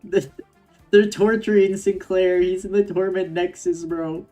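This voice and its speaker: Low-voiced woman streamer reading a game. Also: fairly even intonation, measured pace, dark tone, soft background music. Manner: giggly, chatty reactions.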